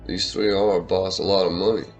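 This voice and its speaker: A menacing gang enforcer speaking low and hushed, as a man puts him on. His tone is gravelly and cold. Faint music runs under him. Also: moderate pace. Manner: low, quiet, threatening.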